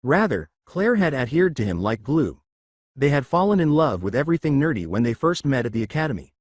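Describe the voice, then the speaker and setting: A man narrating a fan fiction story in a steady storytelling manner. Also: mid-range voice, a little fast, dry recording.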